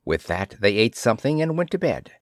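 A man reading a fairy tale aloud in a measured, expressive storytelling manner. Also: lowish voice, dry recording, clean studio sound. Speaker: narrator.

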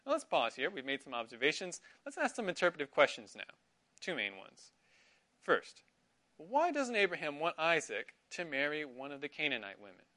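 A middle-aged man leads a Bible class, his bright voice swinging widely up and down as he quizzes the room and affirms each answer. He speaks in a fairly high register, with a clear, lively delivery. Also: moderate pace. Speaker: Sunday school teacher.

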